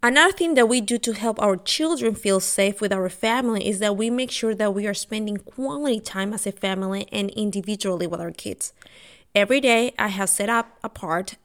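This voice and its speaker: A woman's voice: mid-range voice, a little fast. A woman hosting a podcast, a mother giving personal advice in an earnest way, repeating steps and restarting phrases as she explains. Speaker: podcast host.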